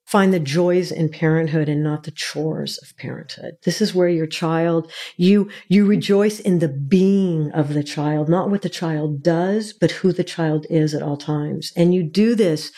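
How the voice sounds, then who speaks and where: A middle-aged woman with a somewhat low, mellow voice, speaking as a guest expert. She explains in an earnest, teacherly way, counting through her points one at a time. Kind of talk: explaining in an interview.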